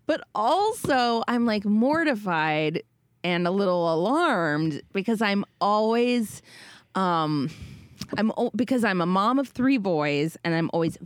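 A woman's voice: mid-range voice, animated, takes it slowly, dry recording. A middle-aged woman, a mother of three, telling a rambling funny story in casual chat and laughing often.

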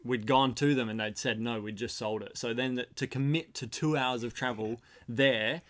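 A man's voice: mid-range voice, steady tone, normal speed, a bit bright. A young man talking as a podcast guest in casual chat, telling a story with dry jokes. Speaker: podcast guest, host's roommate. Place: storehouse.

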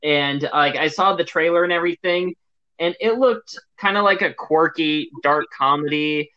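A man co-hosting a podcast, chatting about movies in a halting way with many fillers. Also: a little high, muffled recording. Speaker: podcast co-host. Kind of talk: casual movie chat.

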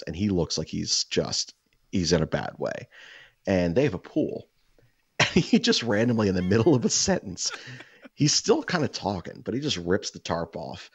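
A man co-hosting a casual chat, telling rambling, profane anecdotes in an animated way. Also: sits low, creaky, husky, dry recording, dull audio. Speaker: podcast co-host.

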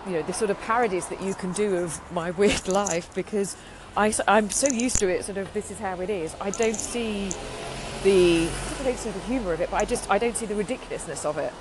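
A woman's voice: mid-range voice, brisk. A woman from England, chatting casually on her podcast in a rambling way with frequent restarts. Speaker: podcast host. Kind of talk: casual chat. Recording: noisy background.

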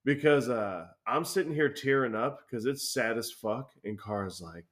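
A young man chats loosely on a podcast, cursing freely as he rambles through a story. His voice sits at an ordinary middle pitch. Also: lively intonation, a little slow, a bit bright, slight background noise. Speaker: podcast co-host. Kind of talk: casual chat.

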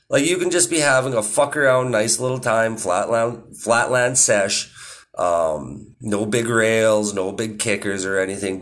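A man's voice: medium pitch, fairly bright tone. A man in his thirties hosting a podcast, rambling casually with constant swearing and laughing at his own stories. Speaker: podcast host. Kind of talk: casual monologue.

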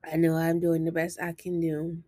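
A woman records a personal confessional vlog and speaks earnestly, encouraging herself, with a halting delivery. Her voice sits low and stays flat in pitch. The sound is dry and close. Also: no room sound. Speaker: vlogger.

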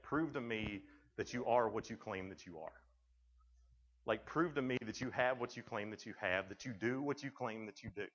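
A man's voice: lowish voice, a bit bright. Joking young Tennessee man, muffled. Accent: Tennessee Southern American. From Tennessee, USA. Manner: joking storyteller who acts out dialogue. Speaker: youth speaker. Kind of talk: humorous talk to students. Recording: dull lo-fi recording.

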